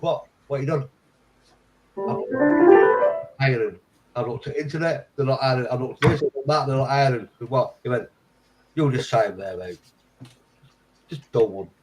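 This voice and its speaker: A man's voice: medium pitch, moderate pace, pauses often, over music, low-quality recording. A man in casual chat, swearing freely and acting out both sides of remembered conversations. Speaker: friend in conversation.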